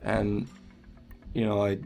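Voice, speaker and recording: A young man speaks in a low, flat voice with little rise and fall, rambling through a casual interview about his work as an animator. He is self-deprecating and swears offhandedly, and soft music plays faintly behind him. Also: takes it slowly, gravelly.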